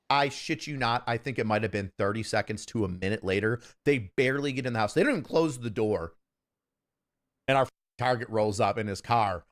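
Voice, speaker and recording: A man telling a story in casual chat, lively and acting out the people he quotes. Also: medium pitch, fairly quick. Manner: animated, acts out quoted people. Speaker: guest storyteller.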